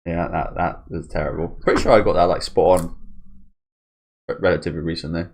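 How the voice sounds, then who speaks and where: Deep-voiced man reacting casually. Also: a little fast, darkish tone. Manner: swears freely, mulls aloud with restarts. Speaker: manga reaction host.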